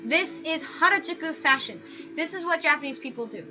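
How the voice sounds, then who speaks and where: Talking briskly in a high voice, a woman hosts a casual video commenting on pictures, her animated, exasperated rant packed with "like". Background music plays under dull, lo-fi audio.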